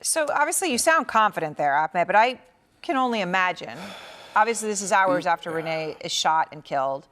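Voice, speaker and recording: A woman's voice: lowish voice, animated, fairly quick, a bit bright. A woman conducting a news interview, speaking conversationally and asking probing questions.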